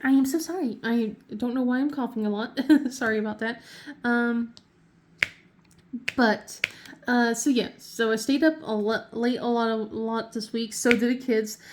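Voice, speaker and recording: A woman's voice: a little high, fairly even intonation, measured pace, noisy background. A woman in her thirties hosting a casual crafting chat from her home desk, giggly and chatty with many fillers and restarts. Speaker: craft channel host.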